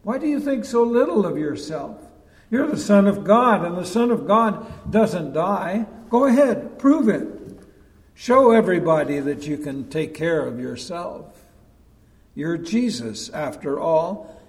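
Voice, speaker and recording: Preacher doing a coaxing devil, crafty, talks slow, echoey church sound. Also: male voice, sits high, animated. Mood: goading. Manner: coaxing, insistent. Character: the devil, a crafty wheedling male tempter. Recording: long echo of a large hall.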